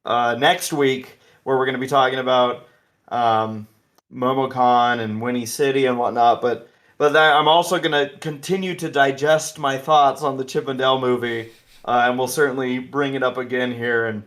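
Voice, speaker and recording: A man's voice: mid-range voice, steady tone, moderate pace, a bit bright. A man hosting a podcast, chatting casually and animatedly with many restarts and asides. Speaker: podcast host.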